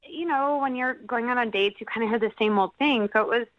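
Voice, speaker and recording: A woman's voice: fairly high pitch, brisk, dry recording. A woman on a phone call to a radio show, talking hesitantly with restarts. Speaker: caller on a radio phone segment. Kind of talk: phone conversation. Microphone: telephone. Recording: tinny phone line.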